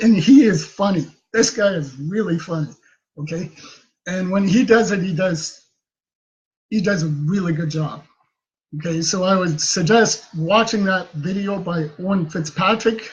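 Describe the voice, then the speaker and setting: A man's voice: high-pitched, highs cut off. A man giving casual self-help advice to the camera, chatty and tagging many sentences with a questioning "right?". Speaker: self-help video host.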